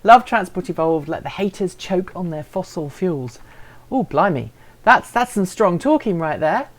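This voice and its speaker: A woman chatting through a live stream from her home setup, playful and self-deprecating as she reads out viewer comments. Her voice sits a little low for a woman, and she talks in a loose, friendly way. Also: lively intonation, moderate pace.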